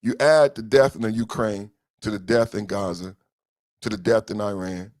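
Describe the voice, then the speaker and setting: A man's voice: fairly even intonation, normal speed, no echo. A man hosting a podcast, giving a passionate political monologue with lots of repetition. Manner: impassioned, repetitive, shifts between low brooding and loud outbursts. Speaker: podcast host.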